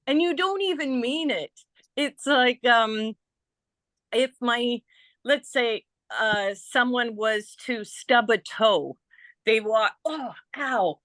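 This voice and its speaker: Canadian woman guest, unhurried delivery, chatty and given to laughter, dry close sound. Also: on the high side, a bit bright, dry recording. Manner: chatty, laughs often, mimics voices. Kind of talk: casual chat.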